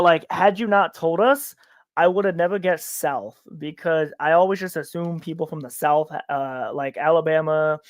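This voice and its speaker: A man from upstate New York co-hosting a podcast in casual chat, rambling with many halting restarts. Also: fairly high pitch, no echo. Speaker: podcast co-host.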